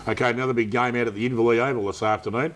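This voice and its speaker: An Australian man hosting a local football TV panel show, brisk and chatty. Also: mid-range voice, fairly even intonation. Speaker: host.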